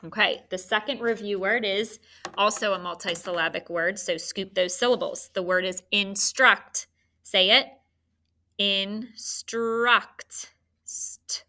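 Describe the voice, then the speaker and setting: A woman's voice: mid-range voice, normal speed, sharp tone. A woman teaching a children's phonics lesson, spelling out letters and encouraging the students.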